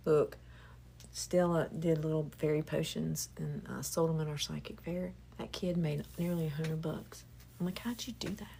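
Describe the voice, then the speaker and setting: A woman leading a spiritual healing session, moving between hushed whispering and lively chat. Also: low-pitched, unhurried, gravelly, long pauses, slight background noise. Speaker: Reiki healer.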